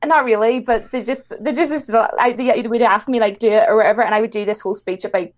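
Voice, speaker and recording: Young woman, Irish accent, rapid chatty delivery, slightly high voice, giggly. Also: fairly even intonation. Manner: chatty, giggly, fast storytelling with many fillers. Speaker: guest YouTuber. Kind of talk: casual chat.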